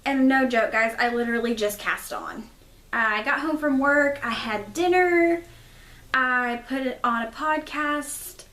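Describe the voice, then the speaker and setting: Chatty high-voiced woman. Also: a bit bright. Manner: chatty, self-deprecating, rambling asides. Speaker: podcast host. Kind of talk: casual crafting video chat. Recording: echoey room.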